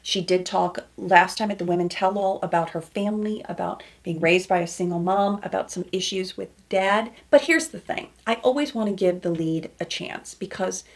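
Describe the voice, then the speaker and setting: Woman, reality TV recap host, casual chat to camera, gravelly voice, heartfelt. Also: fairly low pitch, normal speed, hardly any pauses. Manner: chatty, warm-hearted, gets choked up. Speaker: host of a reality TV commentary show.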